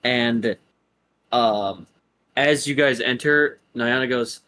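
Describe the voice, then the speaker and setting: A man's voice: medium pitch, normal speed, pushed and bright. A man narrating as game master in a tabletop game, rambling with lots of ums and uhs.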